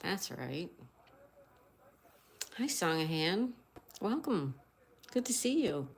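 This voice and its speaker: A woman's voice: lowish voice, sing-song, slow, creaky. A woman hosting a casual livestream, greeting viewers by name, reading chat messages aloud and spelling crossword answers letter by letter. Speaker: livestream host.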